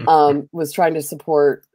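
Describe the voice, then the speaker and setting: A woman's voice: low-pitched, creaky, warm tone, breathy edge, no echo. A woman hosting a stream, telling a long story in a chatty, rambling way full of fillers. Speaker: streamer host. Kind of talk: casual chat while playing a game.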